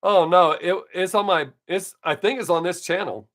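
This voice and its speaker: A man's voice: high voice, normal speed, a bit bright. A man in his fifties, a comic chatting casually on his live stream, rambling and joking crudely, with a slight scratch in his voice. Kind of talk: casual chat.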